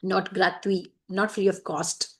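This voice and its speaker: A woman's voice: mid-range voice, level tone, slow pace, a bit bright. A woman with an Indian English accent, teaching a French writing lesson patiently and checking understanding often. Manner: patient, repeats points, many "right?" checks.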